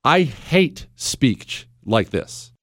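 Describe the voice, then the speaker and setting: A man's voice: medium pitch, big pitch swings, extremely slow, a bit bright, no room sound. A man hosting a talk radio show, speaking bluntly and sarcastically in a studio. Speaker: radio host. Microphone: studio microphone.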